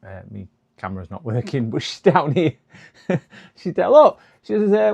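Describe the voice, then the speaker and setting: A man's voice: fairly high pitch, very animated, normal speed, vocal fry, pauses often, a little mellow. Jokey man streaming live. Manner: jokey, rambling, laughs at his own puns. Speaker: repair streamer. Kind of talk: casual live-stream chat.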